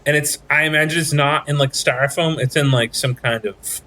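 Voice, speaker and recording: A man's voice: on the high side, a little fast, pushed and bright, a little hiss or hum. Male podcast host, casual chat, rambling, jokey, full of fillers.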